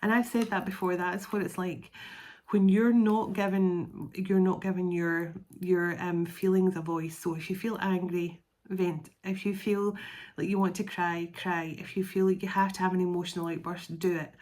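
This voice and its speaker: A woman's voice: lowish voice, flat delivery, normal speed, a little mellow. A middle-aged woman giving a casual, rambling spoken tarot reading. She laughs often and restarts her phrases. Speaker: tarot reader.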